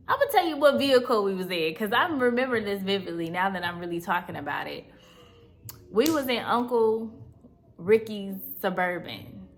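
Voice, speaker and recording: A woman in her thirties from Southern California, a vlogger, tells her viewers her own life story in a mid-range, fairly bright voice. It's a chatty, confiding story time, and she checks in with her audience often.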